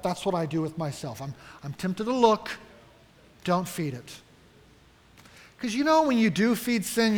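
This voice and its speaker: Male pastor, high voice, earnest sermon with questions to the flock, reverberant church hall. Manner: earnest, direct, asks the congregation questions.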